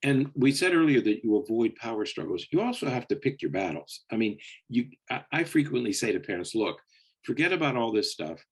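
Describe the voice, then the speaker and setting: A man's voice: mid-range voice, very animated, a little fast, husky. A man co-hosting a psychology podcast, explaining patiently and checking in with listeners in a conversational way.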